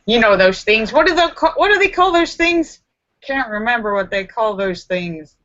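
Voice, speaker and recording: A woman vlogger telling a story to camera in a casual, animated way, acting out her own screams and lines of dialogue. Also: fairly high pitch, moderate pace, dull audio.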